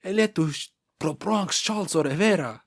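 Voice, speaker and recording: A man's voice: high voice, animated, brisk, pitched above the performer's own voice. A man imitating a boastful male fighter in a mock Portuguese accent, speaking broken English mixed with garbled Portuguese. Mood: playful boasting.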